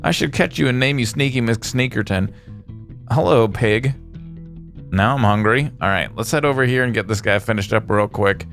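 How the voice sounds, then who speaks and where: Over soft guitar music, a young man hosting a gaming video talks through his let's-play casually and goofily, tossing in made-up words. He speaks at a normal speed in a gravelly, mid-range voice.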